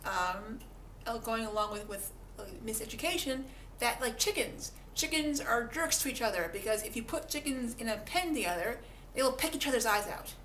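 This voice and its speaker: A woman's voice: fairly high pitch, lively intonation, normal speed, a bit bright. A woman vlogger talking casually to camera, chatty and self-mocking, often repeating words as she goes. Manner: chatty, self-mocking, acts out little voices for animals. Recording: echoey room, faint background noise.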